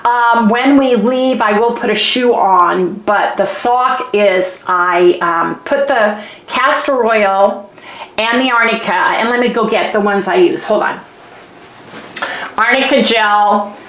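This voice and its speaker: A woman's voice: medium pitch, slow, fairly bright tone. A woman vlogging in a chatty, rambling way, ranting casually to her viewers. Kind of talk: casual vlog rant. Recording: echoey room.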